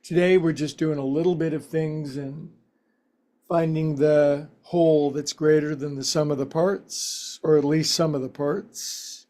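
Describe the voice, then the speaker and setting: Male yoga instructor, warm mellow tone, slightly higher voice, joking folksy delivery. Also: fairly even intonation. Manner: playful, folksy quips between slow cues. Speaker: yoga teacher. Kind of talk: guided yoga class instruction.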